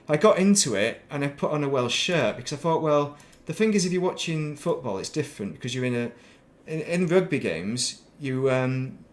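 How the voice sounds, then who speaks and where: A middle-aged man with a softened northern English accent, chatting casually and rambling while streaming a game. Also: medium pitch. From northern England. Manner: rambling, thinks aloud, laughs at himself. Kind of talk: casual chat while playing.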